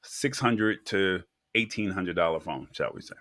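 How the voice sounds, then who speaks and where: Male co-host, lowish voice, dry close recording, easygoing chatty delivery. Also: a little slow, dry recording. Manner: relaxed, leans on "I mean" fillers. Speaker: tech show co-host. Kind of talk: casual tech chat.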